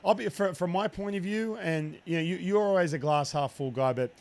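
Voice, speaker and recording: A man's voice: high voice, fairly quick, darkish tone. A man in his thirties hosting a podcast, chatting with enthusiasm and frequent restarts. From Australia. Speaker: podcast host, broadcaster. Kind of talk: casual interview chat.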